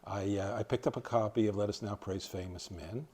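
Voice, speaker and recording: A man's voice: on the low side, fairly even intonation, brisk, mellow, a little hiss or hum. An older man from East Tennessee giving an informal library talk, rambling and hesitant with many fillers and restarts. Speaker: library lecturer.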